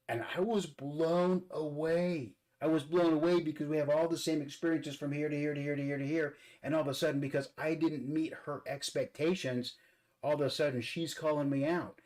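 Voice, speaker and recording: A man's voice: on the high side, fairly even intonation, brisk, darkish tone, poor audio. A man hosting a casual vlog. He talks earnestly while he does his makeup, and he often repeats words as he searches for them. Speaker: vlog host.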